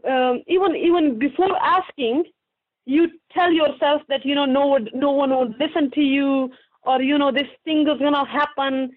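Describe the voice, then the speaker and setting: A young woman speaks in a high, earnest voice, circling back and restarting as she searches for words. Her voice comes through a thin, phone-like line. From Pakistan. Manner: earnest, heartfelt, with frequent restarts. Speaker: guest author. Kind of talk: interview answers over a remote line.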